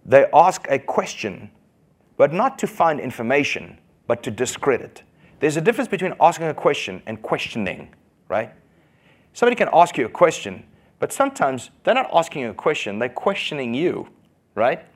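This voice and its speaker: Male pastor, lively and animated sermon delivery that speeds up in bursts. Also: fairly high pitch. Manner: animated, asks the congregation questions, quick bursts. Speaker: preacher.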